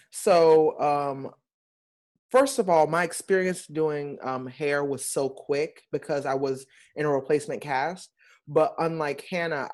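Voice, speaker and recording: A man, a Broadway performer, telling stories in a casual, expressive way as an interview guest. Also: on the high side. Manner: animated, expressive storyteller.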